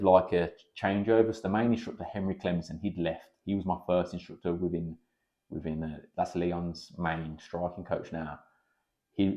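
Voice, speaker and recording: A man, a pro kickboxer and coach chatting as a podcast guest, telling animated stories and swearing freely. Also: low-pitched, highs cut off. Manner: animated storyteller, swears freely, acts out quotes. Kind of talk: casual podcast chat.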